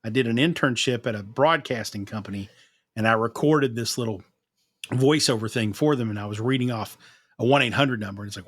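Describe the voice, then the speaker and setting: A man's voice: medium pitch, fairly quick, fairly bright tone, no echo. A man with a slight Appalachian twang hosting a podcast in a folksy, self-deprecating way that is full of laughs. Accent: Eastern Kentucky Appalachian, slight twang. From Appalachian mountains. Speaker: podcast host and broadcaster. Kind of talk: casual chat.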